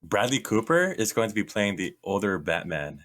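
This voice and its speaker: A man's voice: fairly low pitch, very animated, normal speed, background noise. A man co-hosting a casual movie podcast, teasing his friends as he shares trivia. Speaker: podcast co-host. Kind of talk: casual movie review chat.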